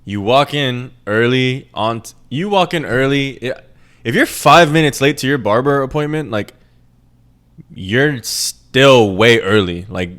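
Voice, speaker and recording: A man's voice: medium pitch, fairly bright tone, clean tone. A young man from a Puerto Rican family raised in New York, ranting in a rambling, profane, joking way as a podcast host. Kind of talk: casual monologue.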